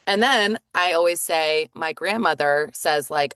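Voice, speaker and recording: A woman co-hosting a chatty podcast, her voice sitting a little low for a woman. She tells stories with quick asides and plenty of fillers. The sound is close and dry, with no room echo. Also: fairly bright tone, smooth. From northeastern United States. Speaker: podcast co-host. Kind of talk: casual chat.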